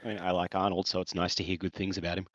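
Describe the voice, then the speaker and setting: A man's voice: deep voice, level tone, racing, fairly bright tone, dry recording. A man co-hosting a podcast in joking, casual chat, recorded on a dull lo-fi mic. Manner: joking, slips into silly voices. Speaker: podcast co-host.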